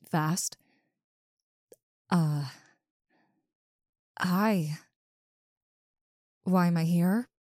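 A woman's voice: lowish voice, mellow, no room sound, studio quality. A woman voicing a big, muscular wolf monster girl who stammers, swears and talks bluntly in an audio role-play. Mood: flustered.

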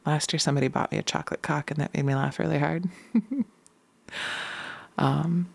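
A woman in casual morning chat, tired and still in her morning voice, chatty and quick to laugh. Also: low voice, steady tone, creaky, darkish tone, slightly rough, no echo. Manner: chatty, laughs often, drifts into whispers. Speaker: vlogger.

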